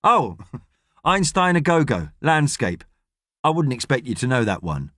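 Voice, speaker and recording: A man's voice: medium pitch, very animated, a little slow, fairly bright tone, no echo, clean studio sound. A man voicing an irritable middle-aged astronaut who speaks with sarcastic exasperation. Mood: exasperated.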